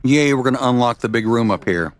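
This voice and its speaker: A man's voice: medium pitch, expressive, fast talker. A man streaming a video game, talking through it in rambling, self-deprecating casual commentary.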